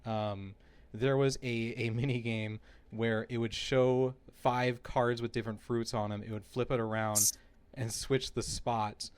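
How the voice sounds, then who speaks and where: A man's voice: mid-range voice, level tone, a little slow, clear, resonant tone, no room sound. A man co-hosting a podcast in casual chat, telling a story animatedly and laughing as he goes. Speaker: podcast co-host.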